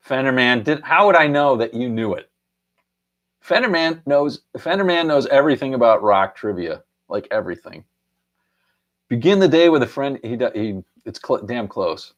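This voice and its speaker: A man's voice: medium pitch, expressive, normal speed, lo-fi sound. A middle-aged man hosting a casual live stream, chuckling often and half-singing song lines as he reads out viewer answers.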